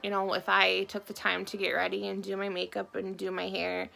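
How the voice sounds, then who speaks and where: A young woman talks quietly and haltingly, stopping often and fighting back tears. Her voice is mid-pitched and slips into a gravelly fry. She speaks to the camera about her own life. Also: monotone. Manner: soft, halting, emotional, with many pauses and fillers. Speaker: woman sharing her story. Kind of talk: personal testimony to camera.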